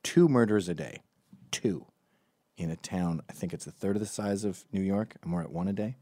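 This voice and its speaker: A man's voice: deep voice, moderate pace, dark tone, no room sound. A middle-aged man hosting a comedic opinion monologue, sardonic and profane, often mocking people in put-on voices. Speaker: commentary show host.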